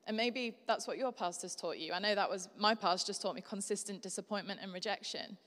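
A young woman preaching a sermon in a conversational, animated way. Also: mid-range voice, quick pace, hardly any pauses. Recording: long hall reverb.

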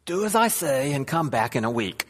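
A man voicing an old rabbi with an odd put-on accent, giving calm, insistent advice in a preacher's story. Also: mid-range voice, normal speed, big-room sound, slight background noise, pitched above the performer's own voice.

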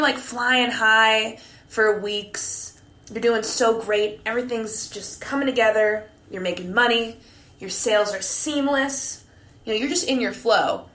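Profane, chatty young woman, echoey room. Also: mid-range voice. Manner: candid, profane, animated storytelling with frequent "like". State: a few drinks in. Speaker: podcast host. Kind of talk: casual monologue.

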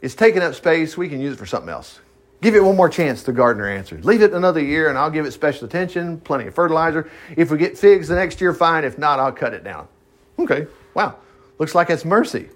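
A man reading Bible passages aloud and commenting in a casual, animated way, breaking into asides. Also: a little high, fast talker. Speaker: Bible teacher.

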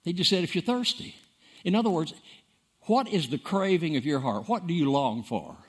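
A man preaching a sermon, emphatic and dramatic, repeating words for stress and swinging between loud and soft. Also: fairly high pitch, sing-song, normal speed, slightly rough. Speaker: pastor.

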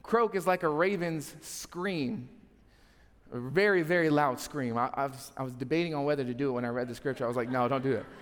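A man's voice: medium pitch, fairly quick. A young adult man preaching a sermon as pastor, telling funny stories and talking straight to the congregation. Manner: humorous storytelling, talks to the congregation. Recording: long hall reverb.

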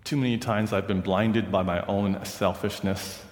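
A man's voice: fairly low pitch, fairly even intonation, measured pace. A middle-aged male pastor preaching a sermon in a conversational, storytelling way, often checking in with the congregation. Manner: conversational storytelling, frequent "right?" and asides. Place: large church sanctuary. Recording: long church reverb.

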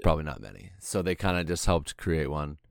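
A man's voice: extremely low pitch, sing-song, brisk, creaky, no room sound, studio quality. A young man from Canada co-hosting a podcast, rambling casually and leaning on filler words. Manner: rambling, heavy on "like" and "yeah", swears casually. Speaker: podcast co-host. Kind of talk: casual chat.

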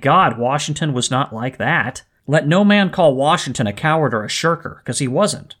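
A man hosting a podcast, commenting on a historical letter in a fired-up, animated way. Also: fairly high pitch, moderate pace, few pauses. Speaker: podcast host.

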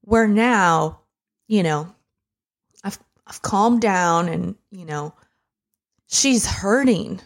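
A woman's voice: mid-range voice, animated, very slow, long pauses. A young woman co-hosting a podcast, telling a personal story in a candid, emotional, conversational way. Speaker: podcast co-host. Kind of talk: casual chat.

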